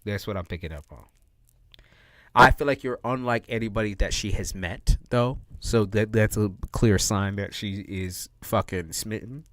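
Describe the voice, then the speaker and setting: A man's voice: lowish voice, moderate pace, fairly bright tone, dry recording. A man giving casual, slangy tarot readings on a live stream, laughing often and repeating his points. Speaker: tarot reader.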